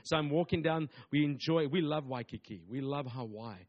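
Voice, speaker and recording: A man's voice: fairly high pitch, normal speed, lo-fi sound. A man, a pastor preaching a sermon emphatically, with repetitive phrasing and call-and-response asides.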